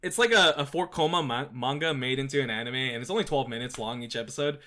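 A young man chatting casually, rambling and animated, with lots of fillers as he tells a story. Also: medium pitch, fast. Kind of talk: casual chat.

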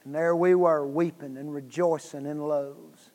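High-pitched preacher in a reverberant hall. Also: male voice, steady tone, measured pace. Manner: swings from hushed to shouted, repeats words. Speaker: guest preacher. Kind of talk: revival sermon storytelling. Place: church sanctuary.

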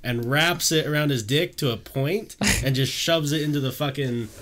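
A man's voice: a little high, normal speed, over a noisy crowd. Young man in crude streaming banter. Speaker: streamer co-host. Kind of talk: casual chat.

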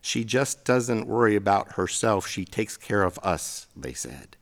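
A middle-aged pastor preaching a sermon, telling stories with self-deprecating humor. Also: male voice, lowish voice, sing-song, unhurried.

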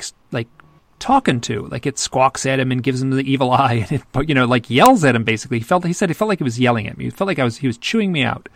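Podcast guest: gravelly male author, dry close mic, lively rambling anecdotes. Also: mid-range voice, no room sound. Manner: animated, rambling with many restarts. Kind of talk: conversational storytelling.

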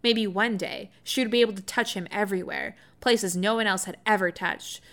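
A woman reading romantic fiction aloud in a soft, expressive storytelling voice, often laughing and breaking in with excited comments. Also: medium pitch, normal speed. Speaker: reader.

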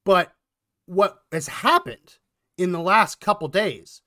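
A man co-hosting a political commentary podcast, talking in a quick, animated way and getting worked up. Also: high voice, dry recording, studio quality. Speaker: podcast co-host.

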